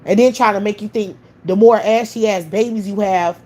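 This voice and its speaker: A woman's voice: medium pitch, normal speed, dark tone. A woman hosting a livestream, ranting in a heated, blunt and profane way. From United States. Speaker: livestream host. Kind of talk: livestream rant.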